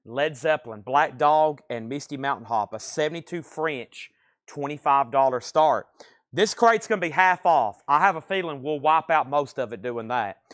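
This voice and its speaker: Male auctioneer, brisk sales patter, slightly high voice. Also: lively intonation, a bit bright. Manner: brisk salesman patter, calling prices and bids. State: out of breath. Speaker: livestream record auctioneer. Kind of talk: live sales stream patter.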